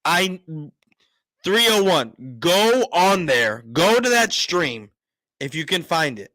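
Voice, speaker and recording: A man's voice: high voice, sing-song, slow, sharp tone, no room sound. A man on a casual livestream, telling a family story bluntly and frankly, acting out the dialogue. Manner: self-described attitude, frank and profane. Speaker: show host.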